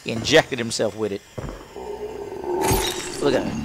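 A man doing excitable, trash-talking commentary on the game he is playing. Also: mid-range voice, unhurried, noisy background. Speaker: let's play gamer. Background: game music.

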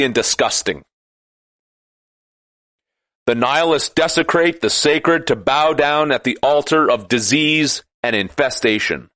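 Ranting man, slow and deliberate, sarcastic edge, dry close sound. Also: mid-range voice, no room sound. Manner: ranting, sarcastic, rises to shouting. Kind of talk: impassioned monologue.

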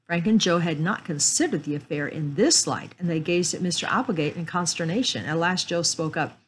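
Woman reading aloud, low voice, slow and measured, storytime. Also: slight background noise, low-quality recording.

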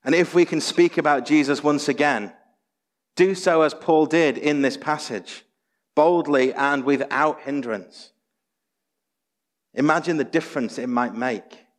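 A man's voice: a little high, unhurried. Man, pastor, earnest sermon, rhetorical questions, echoing church hall. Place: church sanctuary. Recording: long church hall reverb.

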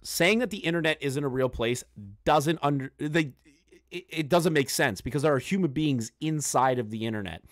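A man hosting a reaction commentary, speaking bluntly and crudely and slowing down hard to stress his points. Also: on the high side, dry recording. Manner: blunt, crude, slows down for emphasis. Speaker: commentary host.

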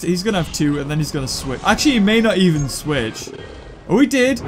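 High, lively gamer commentator. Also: male voice. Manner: excitable, thinking aloud, sudden high yelps. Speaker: gaming YouTuber. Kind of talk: live gameplay commentary. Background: game music.

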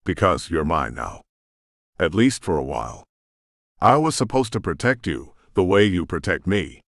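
A man's voice: sits low, big pitch swings, moderate pace, gravelly, a bit bright, no room sound, clean studio sound, full character voice. A man reading the lines of an earnest young witch woman in an audiobook, in a pleading, breathless way. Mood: tender.

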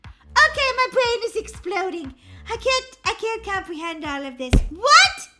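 A woman voicing a grieving, easily shocked girl, shrill and excitable. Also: a little slow, heavily acted. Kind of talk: voiced game role-play. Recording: music playing behind.

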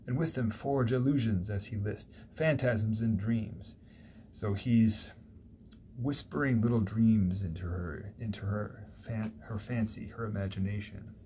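A man's voice: fairly low pitch, mellow, a little hiss or hum. A man lecturing on a classic poem, conversational and digressive, thinking aloud with small restarts. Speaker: literature lecturer. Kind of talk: recorded university lecture. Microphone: single mic, recorded lecture.

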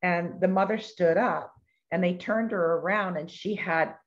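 Lower-voiced woman telling an animated testimony. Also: unhurried. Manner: animated storytelling, acts out quoted voices. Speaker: ministry speaker sharing testimony. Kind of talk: storytelling testimony. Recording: dull lo-fi recording.

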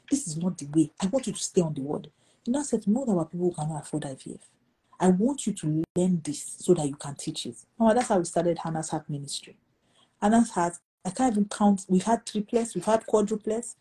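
A middle-aged woman pastor, telling a testimony in conversation and acting out the dialogue with lively jumps in pitch. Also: husky, poor audio. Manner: animated, acts out quoted dialogue with pitch jumps. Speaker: pastor and guest.

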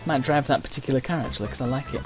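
A man talks casually over his racing game at a middle pitch, rambling between thoughts with lots of uhs and playful cheers. Loud game music and engine noise run under his voice. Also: very fast. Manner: chatty and rambling, with frequent uhs and playful exclamations. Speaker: gameplay commentator. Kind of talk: casual let's-play commentary. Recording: game music and sound effects behind the voice.

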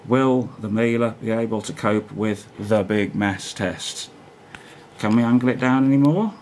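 A man's voice: lowish voice, measured pace, darkish tone, recorded from a distance, a little hiss or hum. A man hosting a vacuum cleaner video, talking in a rambling, joking, chatty way at home. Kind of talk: casual vlog talk. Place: indoors at home. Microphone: camera mic on a tripod. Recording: roomy, mic set away.

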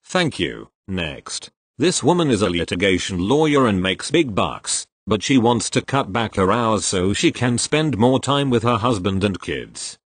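A man's voice: lowish voice, very animated, a little slow, hardly any pauses, husky, no room sound. A man reading online forum posts aloud, spelling out abbreviations letter by letter as he goes.

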